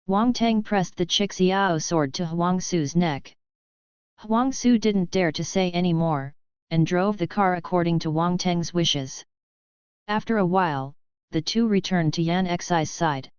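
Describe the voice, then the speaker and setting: A woman narrating a translated web novel audiobook at an even, steady pace, in a dull lo-fi recording. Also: on the low side, unhurried, clean tone, dry recording. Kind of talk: scripted narration.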